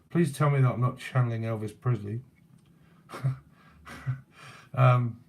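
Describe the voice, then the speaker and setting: A man's voice: medium pitch, a little mellow. A man as a tarot reader channeling spirits, musing aloud in a loose, casual way with frequent chuckles. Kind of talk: psychic channeling session.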